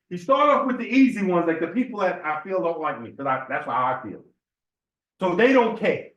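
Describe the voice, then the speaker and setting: A man's voice: high-pitched, very animated, a little fast, a bit bright, reverberant, poor audio. A man giving an informal, conversational sermon at a temple meeting, telling stories and checking in with the room. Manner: conversational, storytelling, asks the room "right?". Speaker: temple speaker.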